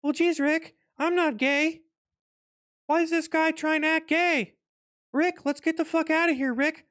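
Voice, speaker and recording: A man's voice: very high voice, fairly even intonation, measured pace, a bit bright, pitched above the performer's own voice. A man voicing a nervous, whiny teenage boy sidekick in a cartoon parody, stammering as he protests. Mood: flustered.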